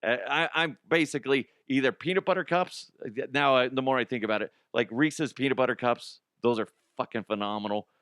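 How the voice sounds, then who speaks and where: A man's voice: medium pitch, brisk, hardly any pauses, a bit bright, smooth, no echo, studio quality. A middle-aged man hosting a comedy news show, rambling casually with profanity and lots of restarts.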